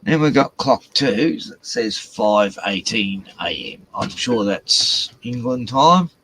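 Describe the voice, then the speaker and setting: A man's voice: fairly low pitch, animated, slow pace, creaky, a bit bright, a little hiss or hum, low-quality recording. A man, hosting a casual, rambling live stream, swearing a lot and chatting to his dogs, with a cough.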